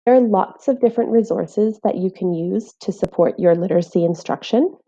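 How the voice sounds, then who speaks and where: Lady walking teachers through phonics, warm dark tone, sounds letters out slow and clear. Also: medium pitch, muffled recording. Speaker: literacy teacher. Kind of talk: scripted instructional voice-over.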